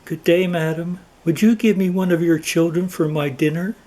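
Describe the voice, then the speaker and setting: A man voicing a starving, proud male lion king who begs in a high, whiny voice for a cartoon folktale. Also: steady tone, normal speed, warm tone, lightly acted, rough recording. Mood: pleading.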